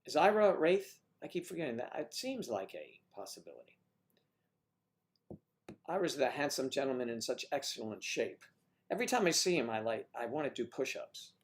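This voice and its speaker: A man's voice: medium pitch, sing-song, moderate pace. A man hosting a casual livestream chat with guests, rambling and teasing with jokes, talking into a computer mic. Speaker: livestream host.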